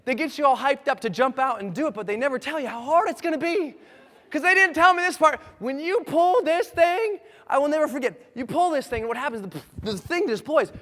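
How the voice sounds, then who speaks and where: A man with a very high, bright, sharp voice tells a story to a crowd with theatrical energy, throwing in sound effects and sudden shouts. His pitch leaps all over the place, and a long reverb trails each line through the large hall. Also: expressive, brisk. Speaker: motivational speaker. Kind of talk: animated storytelling talk to an audience.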